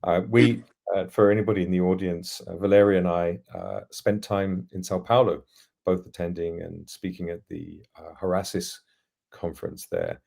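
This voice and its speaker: A man with a very low voice speaks as a podcast guest. He is relaxed and friendly, joking easily with his host. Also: normal speed, creaky. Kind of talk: podcast interview.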